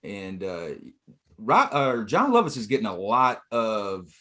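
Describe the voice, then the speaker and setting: A man's voice: on the low side, wildly swooping pitch, a little slow. A man co-hosting a podcast, recapping comedy sketches in casual chat with fillers and swearing. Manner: swears, acts out sketch lines loudly; laid-back recapping with fillers. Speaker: podcast co-host.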